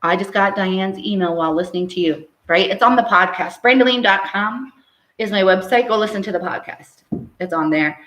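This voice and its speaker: A woman medium talks to her live-stream audience in an animated, preachy way, often checking in with a quick "right?". Her voice sits in a middle range. The recording carries a clear echo from the room around her. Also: mid-range voice, slight background noise. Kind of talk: live-stream chat answering viewer comments.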